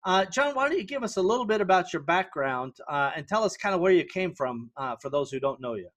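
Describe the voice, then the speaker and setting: A middle-aged man hosting an interview podcast, with a voice that sits a bit higher than most men's. He keeps things breezy and jokey, often poking fun at himself. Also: very animated, a little fast, a bit bright. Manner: jokey, self-deprecating, breezy. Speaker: podcast host. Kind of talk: casual interview.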